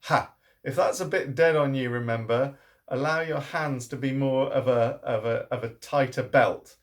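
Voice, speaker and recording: A man, teaching an online singing warm-up and coaching encouragingly between sung demonstrations. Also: mid-range voice, moderate pace. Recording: piano playing along.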